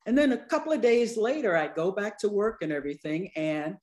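Older woman doctor as a guest, humorous storyteller, slips into voices for quotes, mid-range pitch. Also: fairly quick. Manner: lively, acts out quoted people with voice changes; humorous, conversational. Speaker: anesthesiologist and speaker, interview guest. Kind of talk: storytelling in an interview.

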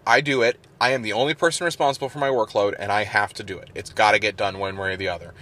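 This co-host's voice sits on the low side, pushed and bright, and he speaks quickly. His casual podcast chat rambles along with lots of fillers and laughing.

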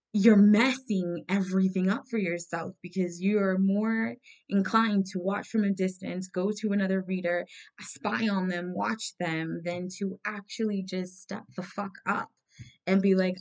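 A woman's voice: mid-range voice, measured pace, creaky, a little mellow. A woman giving a casual tarot reading to her viewers, blunt and emphatic, swearing freely and repeating her points. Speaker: tarot reader.

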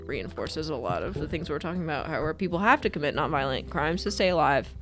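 A woman's voice: sits low, expressive, quick pace. A young woman co-hosting a casual podcast, giggly and self-deprecating, with faint music behind her. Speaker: podcast co-host.

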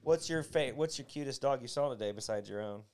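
A man's voice: medium pitch, brisk, darkish tone, clean tone. A man hosting a podcast, teasing his guest in casual, joking banter. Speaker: podcast host.

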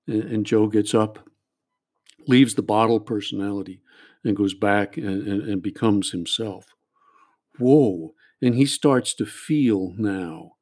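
A man's voice: on the low side, darkish tone. A male therapist explaining a group exercise, restarting his phrases and checking in with "all right?" and "you know?". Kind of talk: describing a therapy exercise to an audience.

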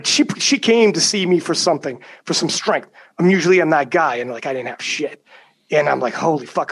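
A young adult man, appearing as a guest storyteller, tells a personal story in casual chat. He's emphatic and profane, often acting out what others said, in a slightly rough, a little high voice.

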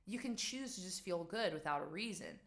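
A woman's voice: on the low side, animated, brisk, a bit bright. A young woman from West Virginia, talking casually to camera as a vlogger and coach, emphatic and chatty with many rhetorical questions. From West Virginia, USA. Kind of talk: casual advice monologue.

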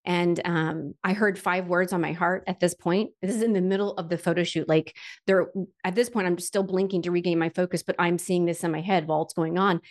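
Woman, slightly low voice, candid testimony, chatty with fillers, earnest, self-deprecating humor. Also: steady tone, fairly quick. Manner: chatty storytelling with frequent "like" and "um" fillers. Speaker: guest sharing a personal faith story.

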